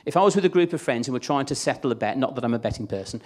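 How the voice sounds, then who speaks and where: A man's voice: mid-range voice, expressive, racing, darkish tone. A man preaching a sermon in a chatty, conversational way, acting out the voices he quotes.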